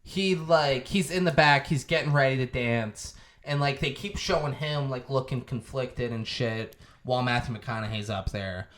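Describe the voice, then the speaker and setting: A man co-hosting a podcast, recapping a movie in casual, animated chat with plenty of swearing. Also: mid-range voice, moderate pace. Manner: animated, swearing, acts out scenes. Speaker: podcast co-host.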